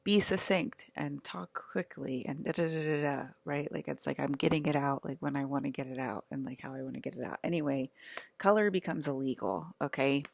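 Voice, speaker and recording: Woman vlogger, deep fry-heavy voice, rambling casual monologue full of fillers. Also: no echo. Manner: rambling and halting, many fillers.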